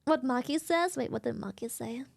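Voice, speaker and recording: High pitched girl streamer rambling to chat, giggly, swears a lot. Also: moderate pace, creaky. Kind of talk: casual live-stream chat.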